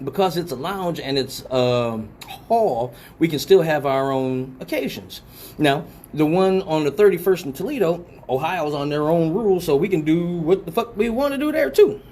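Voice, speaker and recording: Animated, profane comedic talk-show man. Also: fairly high pitch, slight background noise. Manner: animated, profane rambling storytelling. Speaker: live show host.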